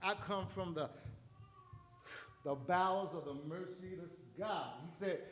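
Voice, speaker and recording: A man's voice: sits high, slow, a bit bright. A man ministering in church, preaching a sermon with dramatic build-ups and acted-out voices. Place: church sanctuary.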